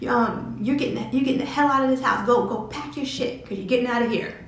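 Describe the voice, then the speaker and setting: A woman's voice: on the high side, fast talker, heavy reverb, voice pushed up, close to an everyday voice. A woman voicing her own mother as a furious middle-aged woman screaming at her teenage daughter. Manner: screaming, shouting.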